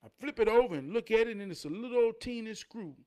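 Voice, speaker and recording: A man with a fairly high voice, spinning a personal story into a life lesson. He talks in an animated storytelling way, rising to loud bursts and dropping to low asides. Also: fast. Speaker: motivational vlogger.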